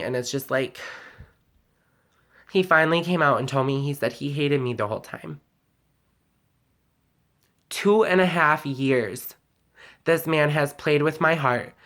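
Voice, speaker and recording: A woman's voice: deep voice, a bit bright. Woman venting in an emotional vlog. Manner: heated, venting, near tears at times. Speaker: vlogger.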